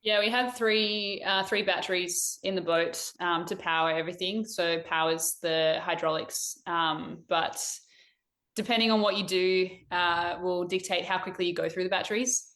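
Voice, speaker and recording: A woman's voice: lowish voice, fairly even intonation, normal speed, a bit bright. A young woman, a guest on a podcast, plainly explaining technical sailing details. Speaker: guest, elite sailor. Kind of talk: casual interview chat.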